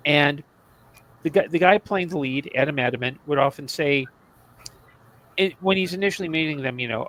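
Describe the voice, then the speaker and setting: A man's voice: fairly high pitch, moderate pace, pauses often, fairly bright tone, low-quality recording. A man co-hosting a podcast in casual chat about old TV shows, rambling with many restarts and asides. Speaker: podcast co-host.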